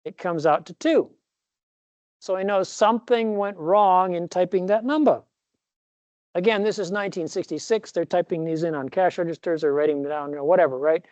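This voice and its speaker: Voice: mid-range voice, normal speed, darkish tone, no room sound. A professor giving a recorded classroom lecture, rambling a little, correcting himself mid-sentence and dropping jokey asides.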